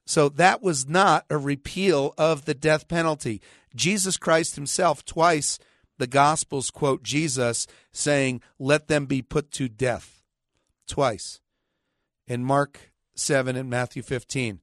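Combative preaching man, higher voice. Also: fairly bright tone, dry recording, studio quality. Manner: quotes scripture rapidly, emphatic repetition. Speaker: pastor and radio talk show host. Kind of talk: radio talk show monologue.

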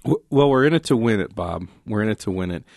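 A man's voice: lowish voice, animated, fast, darkish tone, no room sound. A man being interviewed in a radio studio as a campaign manager, speaking earnestly with filler ums.

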